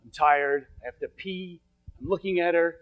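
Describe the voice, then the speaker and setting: A man's voice: on the high side, moderate pace, narrow, tinny audio. A middle-aged man giving a motivational seminar talk to an audience, telling stories with emphatic, repetitive phrasing. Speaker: motivational speaker. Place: event hall with an audience.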